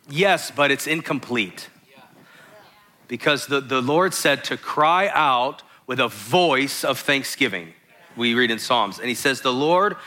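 A man's voice: mid-range voice, sharp tone. A man preaching a sermon, reading scripture verses aloud and stopping to explain them to his listeners.

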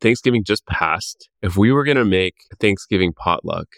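A man's voice: deep voice, animated, normal speed, vocal fry, a bit bright, dry recording, clean studio sound. A man hosting a podcast, asking questions in an enthusiastic, chatty way. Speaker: podcast host. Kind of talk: casual interview.

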